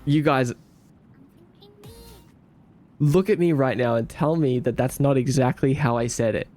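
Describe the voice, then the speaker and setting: A man's voice: medium pitch, unhurried, darkish tone, soft background music. A man streaming live, answering his chat in a casual, joking way.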